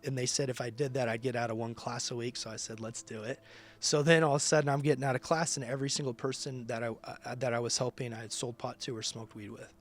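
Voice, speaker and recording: A man's voice: medium pitch, fairly even intonation, fast. A man who leads a ministry, telling his personal testimony in conversation with emphatic, casual storytelling. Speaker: ministry leader.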